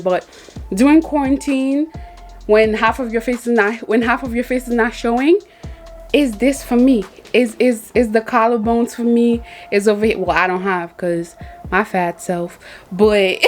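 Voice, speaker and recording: Young woman chatting about makeup, kinda high voice, laughs a lot, music low behind her. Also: darkish tone. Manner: chatty, laughs often, repeats words. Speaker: beauty vlogger. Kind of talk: casual makeup review.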